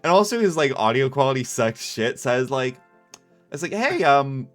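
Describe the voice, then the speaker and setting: A man hosts a livestream, chatting casually over a game stream as a rambling storyteller who keeps interrupting and restarting his sentences and laughs often. His mid-range voice is animated and a little fast, picked up by earbuds with a headset mic, with faint music behind.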